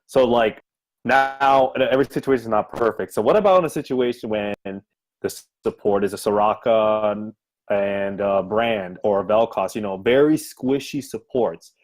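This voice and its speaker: A man's voice: lowish voice, normal speed, low-quality recording. A man co-hosting a gaming podcast, asking a long rambling question full of fillers. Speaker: podcast co-host. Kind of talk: casual gaming podcast talk.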